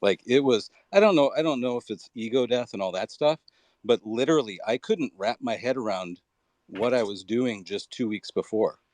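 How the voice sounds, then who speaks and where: A man's voice: mid-range voice, normal speed, a little mellow, dry recording. A man speaking candidly and reflectively in a casual online audio chat, with frequent loose fillers.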